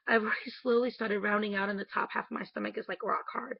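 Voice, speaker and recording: A woman's voice: mid-range voice, level tone, fast, gravelly, husky, dry recording, highs cut off. A woman talking in a casual video diary at home late at night, candid and emotional, swearing casually. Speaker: vlogger.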